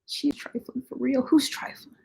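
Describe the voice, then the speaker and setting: A woman hosting a casual livestream, talking fast and chatting with viewers as she greets them. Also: a little mellow. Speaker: livestream host.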